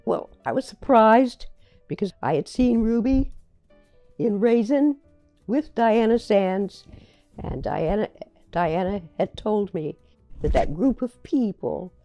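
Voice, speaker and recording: An older woman, a playwright, recalling her career in a reflective, halting way, often repeating words as she remembers. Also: mid-range voice, expressive, mellow, highs cut off, soft background music. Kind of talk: reflective personal storytelling.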